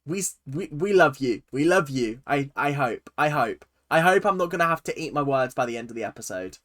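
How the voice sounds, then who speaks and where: Animated, bright-voiced man. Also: mid-range voice, fairly quick. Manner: animated, jokey, laughs at himself. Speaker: reaction video host. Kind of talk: casual reaction commentary.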